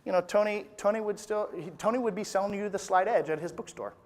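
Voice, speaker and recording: This high-pitched, rapid-fire male speaker works a live audience at a business event, mixing jokes with high-energy motivation and leading chants. The setting is a big conference room with a reverberant, crowded sound, and the audience answers back and applauds in the background.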